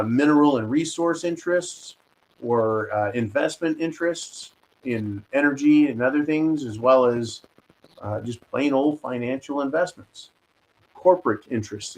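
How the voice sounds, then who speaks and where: A man's voice: mid-range voice, darkish tone, poor audio. A man hosting a political commentary show, talking in an indignant, sarcastic, ranting way. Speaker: host.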